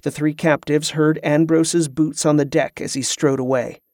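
A man narrating an adventure novel in an even, measured storytelling manner. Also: a little high, dry recording, clean studio sound. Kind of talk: audiobook narration.

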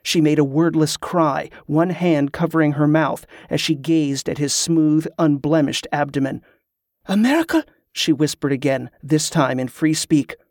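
A man narrating a fantasy novel in a steady, measured way. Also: on the high side, no echo, clean studio sound. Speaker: audiobook narrator.

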